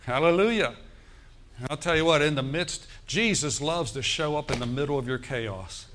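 A man preaching a sermon, animated and quoting scripture, calling out for amens. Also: mid-range voice, moderate pace, slight background noise.

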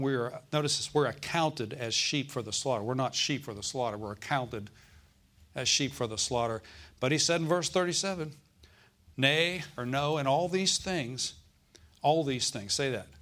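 A man preaching a sermon as pastor, calling out to the congregation and slowing down to stress scripture verses. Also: medium pitch, a bit bright. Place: church.

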